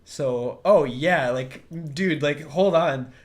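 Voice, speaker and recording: A man's voice: a little high, takes it slowly. A young man co-hosting a podcast, telling a childhood story in casual chat and acting out the voices he quotes. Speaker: podcast co-host.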